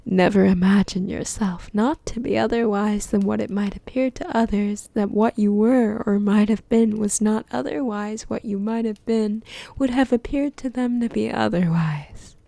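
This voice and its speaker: A woman voicing a pompous, moralizing old Duchess in a whispered role-play, lecturing in a slow, drawn-out way. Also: mid-range voice, gravelly, mellow, dry recording, natural voice.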